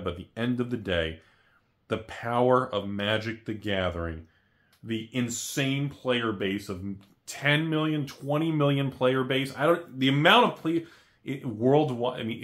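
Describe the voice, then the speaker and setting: A man giving a casual, rambling commentary on the collectibles market as the host, correcting himself and throwing in jokey asides. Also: lowish voice. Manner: rambling, animated, self-correcting.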